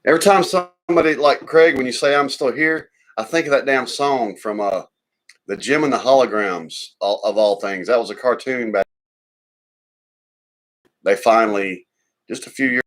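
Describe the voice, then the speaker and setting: Guy cohosting a stream, teasing, rambling, laughs a lot. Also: medium pitch. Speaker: live stream co-host. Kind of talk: casual chat signing off a live stream.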